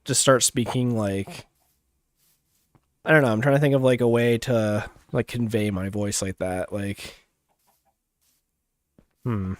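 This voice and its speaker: A man's voice: fairly low pitch, slow pace, long pauses, dry recording, clean studio sound. Laid-back male gaming streamer. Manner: laid-back, self-described monotone, chuckles often. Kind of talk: casual gaming livestream chat.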